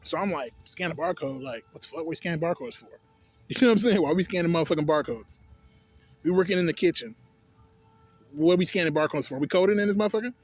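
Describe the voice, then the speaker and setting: A man's voice: fairly high pitch, fast, soft background music. Profane, exasperated man ranting. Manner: profane, exasperated, laughing asides. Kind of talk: casual storytelling rant.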